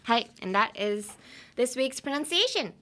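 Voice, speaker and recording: A woman's voice: a little high, very animated, normal speed, noisy background. A young woman hosting a podcast and teaching English pronunciation in a casual, playful way. She laughs often and mixes English with Japanese. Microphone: talking into a camera.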